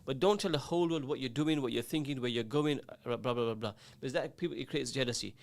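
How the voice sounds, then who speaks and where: A man's voice: mid-range voice, fast, gravelly. A man hosting a radio talk show, giving earnest, emphatic advice that lists points and repeats them.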